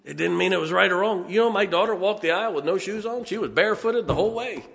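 A man, preaching a sermon in a folksy storytelling way, with punchy asides and slow, stressed points. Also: sits high, creaky, fairly bright tone. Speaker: pastor. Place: church sanctuary. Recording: long church reverb.

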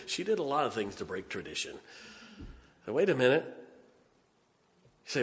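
A man, preaching a sermon in a folksy storytelling way, with punchy asides and slow, stressed points. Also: a little high, big pitch swings, a bit bright. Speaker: pastor. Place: church sanctuary. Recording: long church reverb.

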